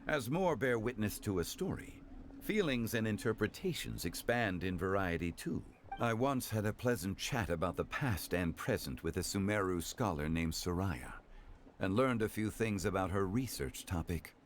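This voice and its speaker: A man voicing a calm, wise ancient god in human form, speaking in a measured, formal way in a game. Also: low-pitched, slight background noise. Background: game music.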